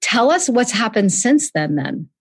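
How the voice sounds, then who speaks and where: Husky, encouraging woman host. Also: on the high side, sing-song, unhurried, no echo. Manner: encouraging, affirming interviewer. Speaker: interview host. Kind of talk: interview.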